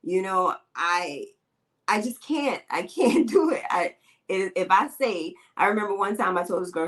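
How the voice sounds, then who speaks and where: Speaking into a microphone, this podcast host tells stories and offers opinions in blunt, emphatic, slangy talk. Her mid-range voice is animated and fairly bright, and she keeps a normal speed.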